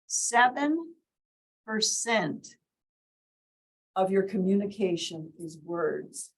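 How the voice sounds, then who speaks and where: Over poor audio, a woman's husky, mid-range voice comes across sing-song, with drawn-out words. She's a workshop leader in an indoor meeting room, giving interactive teaching talk as she quizzes the group and demonstrates different tones of voice.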